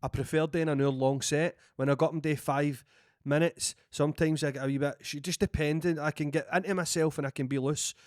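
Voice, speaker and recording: A man's voice: on the high side, fairly even intonation, fairly quick, a little mellow, no echo, studio quality. A young Scottish man, a stand-up comedian co-hosting a podcast, chatting in an easygoing, enthusiastic way. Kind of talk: casual chat.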